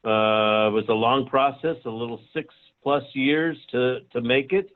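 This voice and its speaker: A man speaking as a producer guest on a video call, halting and full of fillers. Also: mid-range voice, steady tone. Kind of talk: casual talk on a video call. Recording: tinny phone-like call audio.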